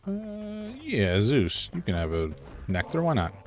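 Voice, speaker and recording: A man streaming a video game, chatting and joking as he thinks out loud about his choices. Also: mid-range voice, wildly swooping pitch, measured pace. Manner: chatty, joking, thinks aloud while playing. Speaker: gaming streamer. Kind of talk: casual live gameplay commentary.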